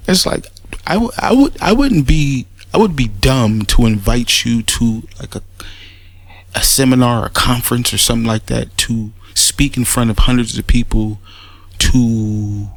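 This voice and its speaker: A man's voice: mid-range voice, no echo. A man giving a mocking, rambling spoken rebuttal, sarcastic and full of restarts. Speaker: commentator making a response audio.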